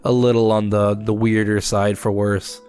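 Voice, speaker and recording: A man's voice: on the low side, little pitch movement, normal speed, darkish tone, soft background music. A young man with a congested, sore-throated voice, chatting casually as he hosts a let's-play of a game. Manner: rambling, chatty, many filler words. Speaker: gaming channel host.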